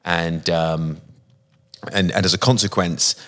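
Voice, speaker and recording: A man from England, a guest musician in a casual interview, telling thoughtful anecdotes with frequent pauses and fillers. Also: deep voice, fairly even intonation, a bit bright. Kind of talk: casual interview, reflective storytelling.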